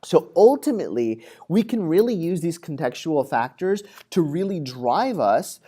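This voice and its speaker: Very animated yet at a normal speed, this man's fairly high, mellow voice carries a casual psychology lecture. He leans on frequent fillers and plays out everyday situations using quoted voices.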